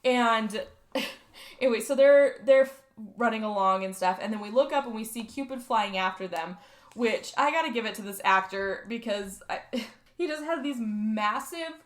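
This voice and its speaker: A woman with a slightly high voice chatting through a movie recap. She jumps into the characters' lines in quick, lively bursts. Her voice has an echoey room around it. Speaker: podcast co-host. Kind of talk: casual movie recap chat.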